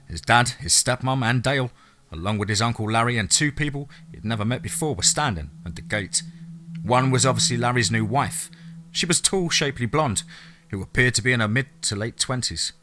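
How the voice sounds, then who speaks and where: A man reading a novel aloud as narrator, steady storytelling. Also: medium pitch, a little fast. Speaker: audiobook narrator. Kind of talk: scripted narration.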